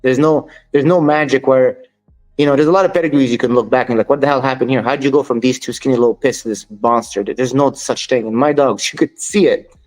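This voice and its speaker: A man's voice: medium pitch, steady tone, quick pace, a little mellow. Guest interviewee: blunt male dog breeder, dismissive of critics, light music underneath. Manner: blunt, dismissive of critics, quotes others in dialogue. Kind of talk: storytelling interview.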